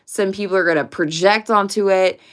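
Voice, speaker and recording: A woman's voice: medium pitch, steady tone, normal speed. A woman giving a casual pick-a-card tarot reading to camera, speaking directly and emphatically and swearing casually. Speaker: tarot reader.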